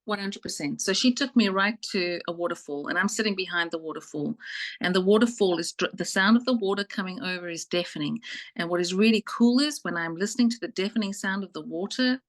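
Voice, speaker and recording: A woman's voice: on the low side, a little fast. A woman from South Africa with a South African accent, appearing as a psychic guest on a talk show. She is chatty, laughs easily and repeats her phrases. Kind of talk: casual interview chat.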